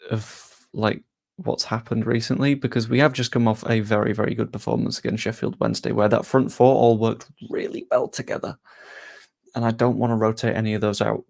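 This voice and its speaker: Gravelly-voiced man answering chat questions. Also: lowish voice, darkish tone. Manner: chatty, answers viewer questions with asides. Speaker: football channel host. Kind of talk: casual live-stream Q&A.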